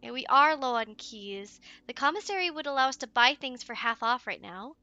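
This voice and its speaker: A woman giving let's play commentary, excitable and giggly, chatting to her viewers and cooing at in-game pets. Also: high-pitched, moderate pace, smooth, dry recording, muffled recording.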